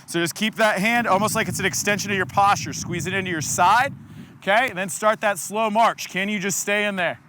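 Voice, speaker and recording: A man with a high, bright voice leads a group workout class as fitness coach. He talks in energetic coaching cues and counts down the seconds, like a trainer calling out to people in the room. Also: brisk, slight background noise. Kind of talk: follow-along workout instruction.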